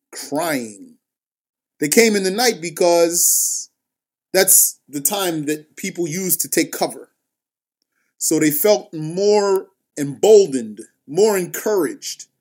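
A man telling a religious story, reciting scripture, then explaining it line by line in a slow, deliberate manner. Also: fairly high pitch.

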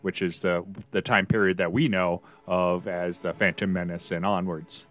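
A man's voice: sits low, fairly even intonation, moderate pace, fairly bright tone. A man co-hosting a podcast, talking through ideas in a thoughtful, hesitant way. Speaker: podcast co-host. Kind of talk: casual book discussion.

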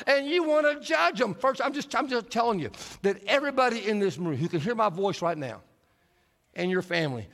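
A man preaching a sermon, telling stories and shifting from hushed, slow passages to lively, animated stretches. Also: very high voice, vocal fry. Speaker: pastor. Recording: long hall reverb.

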